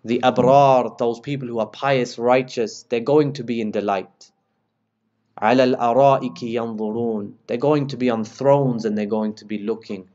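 A man giving a religious lesson, retelling narrations with lively storytelling and speaking directly to his listeners as brothers. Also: moderate pace, few pauses. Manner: lively storytelling, rises in pitch and volume when quoting dialogue. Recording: slightly dull lo-fi recording.

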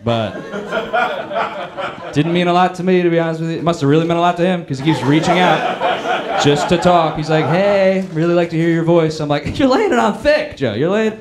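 A man performing a stand-up comedy set on a club stage, animated and bursting into loud shouting bits. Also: on the high side, fairly quick. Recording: live club recording with loud crowd noise. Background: loud audience laughter.

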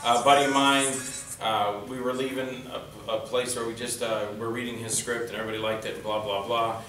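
A man with a bright, forceful voice tells loose, rambling stories about making low-budget films and slips into quick put-on voices for the people in them. He sounds set back from the mic in a roomy hall, with a faint hiss underneath. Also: flat delivery, far from the mic. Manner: rambling anecdotes, acts out quoted lines in put-on voices. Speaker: indie filmmaker on a convention panel. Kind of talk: casual storytelling on a panel. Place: convention panel room.

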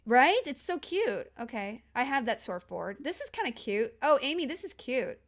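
A woman chatting casually with friends while she plays a life-sim game on stream, with quick, excitable exclamations. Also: high voice, crowd noise. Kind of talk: casual gaming chat.

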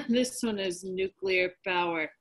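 A woman reading Roger, a sarcastic, resentful man. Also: mid-range voice. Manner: sarcastic, slow and sneering. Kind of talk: live script reading over video call.

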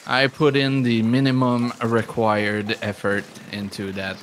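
Slow, low-voiced man chatting on stream. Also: little pitch movement, a little hiss or hum. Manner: rambling and self-deprecating, laughs often. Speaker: livestream host. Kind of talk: casual live-stream chat.

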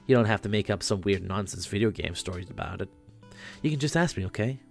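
A man's voice: lowish voice, quick pace, creaky, faint music behind. A man voicing a bewildered, sarcastic teenage student in a game, speaking dryly. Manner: sarcastic, deadpan.

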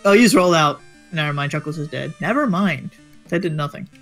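A man's voice: fairly high pitch, animated, a little fast, a bit bright, soft background music. A young man playing a co-op game, joking, punning and giggling as he talks. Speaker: co-op player. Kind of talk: casual gaming chat.

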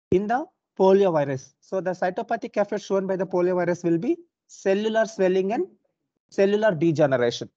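A man's voice: high voice, warm tone, no echo, highs cut off. A young man with an Indian English accent giving an online university lecture, explaining step by step with frequent "uh" and "so" and checking on his students.

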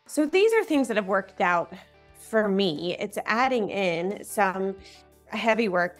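A woman occupational therapist guest, talking reflectively in a casual interview. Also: on the low side. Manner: reflective, trailing restarts.

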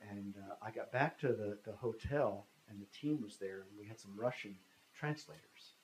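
A man's voice: fairly low pitch, normal speed, roomy sound, slight background noise, poor audio. Guy in his 50s telling a story to a crowd, chatty, acts out the dialogue. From United States. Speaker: guest speaker. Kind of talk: storytelling talk.

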